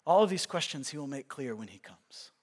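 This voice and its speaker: A man's voice: a little high, animated, brisk. A tired, outcast woman, voiced by a male preacher. She pleads wearily and speaks earnestly, in a voice raised slightly from his own. It is a sermon retelling. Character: weary outcast Samaritan woman, adult.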